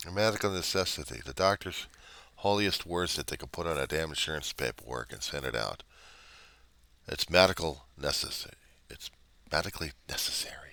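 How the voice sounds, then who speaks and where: A man's voice: extremely low pitch, brisk, gravelly, pushed and bright. A man talking in a personal video diary, brooding and repeating himself, often dropping to a mutter or a whisper. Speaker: vlogger.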